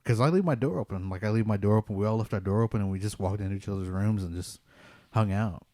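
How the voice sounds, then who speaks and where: Relaxed low-voiced man telling a story. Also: fast talker, dry recording, clean studio sound. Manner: relaxed, rambling, many "like" fillers. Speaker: podcast host. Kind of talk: casual storytelling.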